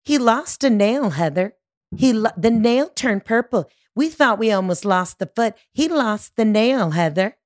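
A woman voicing a gloomy, chatty middle-aged neighbor woman who dwells on small mishaps in a drawn-out, complaining way. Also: fairly high pitch, expressive, voice pushed up.

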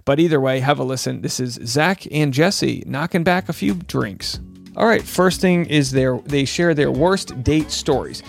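A man's voice: medium pitch, creaky, no echo, studio quality. A man hosting a podcast, chatting casually and joking between played clips. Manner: joking, chatty, lots of asides. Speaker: podcast host.

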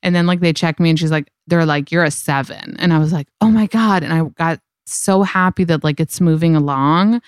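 A woman's voice: deep voice, brisk, few pauses, clear, resonant tone, dry recording, studio quality. A young woman hosting a podcast, telling a story in casual chat, candid and profane with lots of fillers. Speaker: podcast host.

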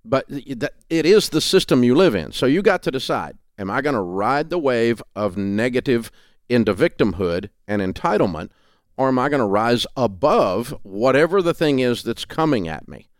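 A man's voice: mid-range voice, very animated, moderate pace, no room sound, studio quality. A middle-aged man with a Southern accent, speaking as a guest in a podcast interview in a folksy, emphatic storytelling way. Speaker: guest, finance radio host.

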